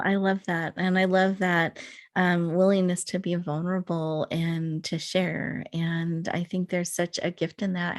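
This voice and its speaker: Affirming female host with a gravelly low voice. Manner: affirming, encouraging, measured. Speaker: summit host. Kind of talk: warm interview hosting.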